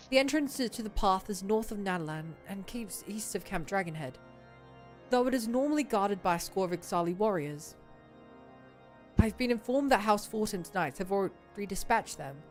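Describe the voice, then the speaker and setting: An earnest young scholar from a fantasy game speaks in a measured, formal way with a put-on British accent, as a woman reads him out. His voice sits at an ordinary middle pitch. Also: expressive, soft background music, close to an everyday voice. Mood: brisk. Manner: formal, measured, old-fashioned diction.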